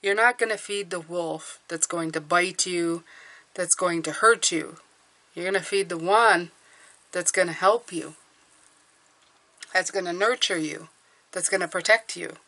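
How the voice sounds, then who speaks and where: Lower-voiced woman giving an encouraging tarot reading. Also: unhurried, pauses often, pushed and bright. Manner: earnest and encouraging, repeats "okay?" to the listener. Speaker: tarot reader. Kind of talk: tarot reading pep talk to viewers.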